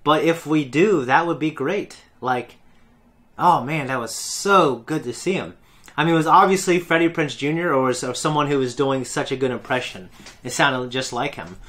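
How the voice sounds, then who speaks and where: A man's voice: mid-range voice, moderate pace, fairly bright tone. A man hosting a reaction video, chatting casually and enthusiastically in a rambling, self-correcting way. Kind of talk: casual fan commentary.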